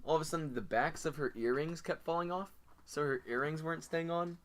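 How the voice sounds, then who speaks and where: A man's voice: on the high side, fairly quick, a bit bright. A teenage boy hosting a podcast, telling a long story with lots of fillers and restarts. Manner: rambling storyteller with many fillers. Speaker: podcast co-host. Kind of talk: casual chat.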